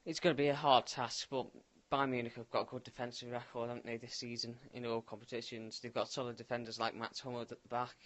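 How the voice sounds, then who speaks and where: A man's voice: medium pitch, fast, hardly any pauses. A man co-hosting a casual football chat, offering opinions and often tagging his lines with questions. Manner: chatty, tag questions, relaxed opinions. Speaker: co-host.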